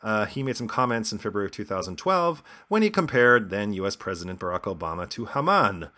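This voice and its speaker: A man's voice: on the low side, big pitch swings, brisk, bright, forceful tone. A man hosting a podcast with scripted commentary and a sardonic, lecturing manner. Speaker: podcast host.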